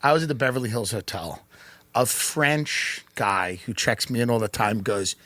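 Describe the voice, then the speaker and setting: A man's voice: medium pitch, animated, moderate pace, sharp tone, no echo. A man hosting an interview, chatty and self-deprecating, telling stories in casual conversation. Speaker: interview host.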